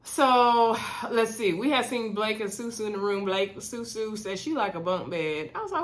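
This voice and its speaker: A woman's voice: mid-range voice, moderate pace, hardly any pauses. Chatty woman recapping a reality show. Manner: animated, gossipy, acts out quotes.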